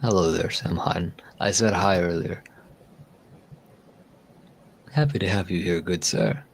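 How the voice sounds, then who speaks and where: A man's voice: low voice, measured pace, vocal fry, slight background noise. A man hosting a casual livestream, chatting in a rambling way with easy laughs and repeated words. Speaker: livestream host. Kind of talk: casual chat.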